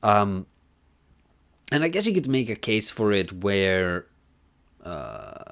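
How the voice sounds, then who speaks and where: A man's voice: lowish voice, wildly swooping pitch, takes it slowly, vocal fry, a bit bright. A man streaming and commenting casually on a conference talk, rambling with lots of fillers and jokes. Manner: rambling, filler-heavy, joking.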